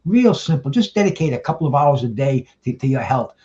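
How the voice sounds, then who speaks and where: A man's voice: mid-range voice, sing-song, a little fast, dark tone, muffled recording. A man on a discussion panel talking casually and bluntly, with frequent stammered restarts.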